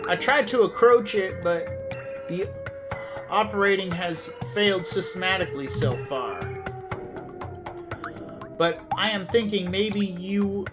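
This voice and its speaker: A man's voice: high voice, a little slow, long pauses, voice pushed up. A man putting on a Southern-drawling, perplexed game character. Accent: put-on American Southern. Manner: wordy, polite, over-formal reading. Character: fussy formal male game character, perplexed. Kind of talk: reading game dialogue aloud. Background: game music.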